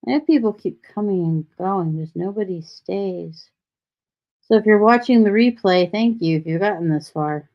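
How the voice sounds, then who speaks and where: Her mid-range voice moves at an ordinary pace while she hosts a relaxed solo livestream from her Texas home. She wanders from topic to topic with sarcastic side comments, all captured in flat, lo-fi stream audio.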